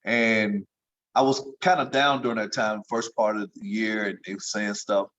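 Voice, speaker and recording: A man telling lively stories as an interview guest, leaping up in pitch when he gets excited. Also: normal speed, lo-fi sound, a little hiss or hum. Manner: animated storyteller, jumps high in pitch for excited quotes. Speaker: guest, former pro basketball entertainer. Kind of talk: storytelling in casual interview.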